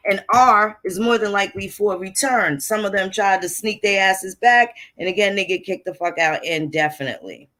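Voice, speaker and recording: A woman's voice: mid-range voice, moderate pace, hardly any pauses, sharp tone. A woman hosting a casual history talk, walking through old records in a blunt, profane, conversational way. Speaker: history channel host. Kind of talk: casual lecture over on-screen records.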